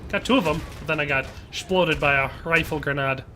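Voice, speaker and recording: Midwestern gamer guy in his 30s, very bright tense voice, slightly high, rambling casual stream chat, faint noise behind. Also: fairly quick. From Wisconsin, USA. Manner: rambling, joking, reads chat aloud. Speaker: game streamer. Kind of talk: casual live-stream chat while gaming.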